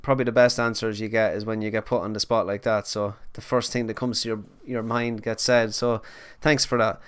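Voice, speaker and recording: A man's voice: fairly low pitch, little pitch movement, brisk, clean tone. A man hosting a gaming podcast, asking friendly questions and reading out news items. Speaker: podcast host. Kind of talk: casual chat and news reading.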